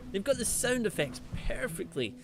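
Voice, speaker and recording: A man's voice: high-pitched, very animated, moderate pace. A man giving chatty, playful let's play commentary, teasing the animals in the game as he plays. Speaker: gaming channel host.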